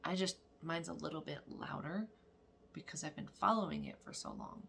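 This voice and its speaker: A woman, a mother, telling a lively story in a casual spiritual vlog, acting out quotes and laughing often. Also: low voice, normal speed, creaky, slight background noise. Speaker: mother of daughters.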